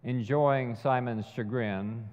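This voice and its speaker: A man preaching a sermon, retelling a film scene slowly and measuredly. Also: medium pitch, fairly even intonation, darkish tone. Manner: slow, measured storytelling with acted quotes. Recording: dull sound with long hall reverb.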